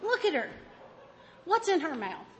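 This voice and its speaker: A woman's voice: very high-pitched, very animated, measured pace, big-room sound, highs cut off, crowd noise, noisy background, voice pushed up, full character voice. A woman doing an amused, doting God. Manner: laughing, fond teasing. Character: amused, loving male God watching her.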